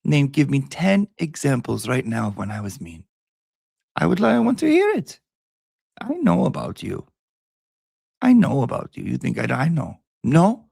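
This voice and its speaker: A man's voice: medium pitch, wildly swooping pitch, moderate pace, vocal fry, darkish tone, husky, no echo, exaggerated voice. A man voicing a hostile woman from abroad who insults people while insisting she is being respectful, in a sneering, condescending manner. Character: nasty foreign woman, fake-polite bully. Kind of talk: storytelling impression.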